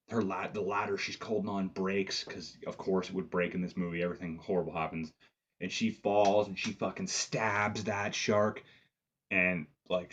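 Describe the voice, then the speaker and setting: Low, husky-voiced man; loose, profane, filler-heavy reviewer recap. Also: fairly bright tone, lo-fi sound. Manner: profane, rambling, lots of "like" fillers. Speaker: movie reviewer. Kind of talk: casual film review recap.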